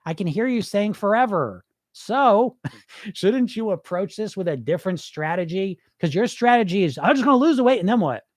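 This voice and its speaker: A man delivers a blunt, profane coaching rant, his fairly high voice swinging widely as he fires off rhetorical questions. The sound is close and dry, with no room around it. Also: a little mellow, dry recording. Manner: mimics listeners' excuses mid-rant. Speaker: podcast host, weight-loss coach. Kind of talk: solo podcast monologue.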